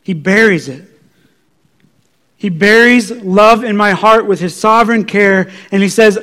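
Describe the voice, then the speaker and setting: High-voiced earnest male pastor preaching. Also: moderate pace, pushed and bright. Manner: earnest, repetitive, drops to near-whispers. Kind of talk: sermon.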